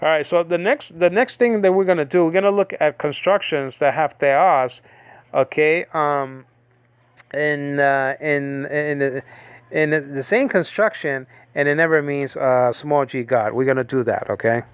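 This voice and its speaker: A man with a slightly high voice gives an informal Bible-study lesson, wandering between points and leaning on fillers. He keeps checking in with "okay?" as he goes. The sound is dry and close, with no room around it. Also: a little slow, clean tone, no room sound. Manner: rambling, filler-heavy, keeps asking "okay?". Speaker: Bible teacher.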